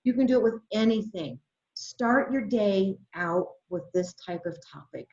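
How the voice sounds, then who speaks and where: A woman leading an adult education webinar, talking to teachers with lots of excitement and reading chat replies aloud over a computer microphone. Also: medium pitch, unhurried. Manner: enthusiastic, exclamatory, reads chat aloud. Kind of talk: webinar presentation. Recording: roomy, slightly dull webinar audio.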